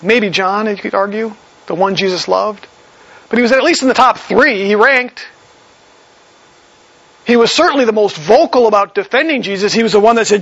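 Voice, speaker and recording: A man's voice: high-pitched, moderate pace, pauses often, fairly bright tone, no room sound. A man preaching a sermon in a conversational way, reading verses aloud and explaining them. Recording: slightly dull lo-fi recording.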